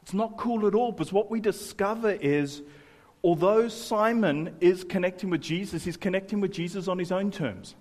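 High-voiced pastor, echoing hall. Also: male voice, a little mellow. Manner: humorous, conversational preaching with many asides. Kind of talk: sermon. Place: church.

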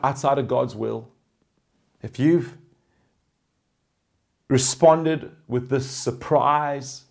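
A pastor delivers an animated sermon, his medium-pitched voice swinging from loud, emphatic lines to hushed, pastoral moments.

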